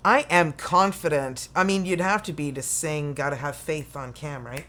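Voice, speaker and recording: Canadian woman tarot reader, a touch low-pitched, folksy and chatty, lots of "you know" and "okay". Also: a little slow, fairly bright tone, slight background noise. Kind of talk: casual tarot reading to camera.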